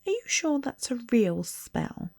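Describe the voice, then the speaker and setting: A woman's voice: a little high, sing-song, creaky, a little mellow, voice pushed up, full character voice. A woman voicing a bossy, know-it-all schoolgirl in a read-aloud storybook. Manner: bossy, brisk.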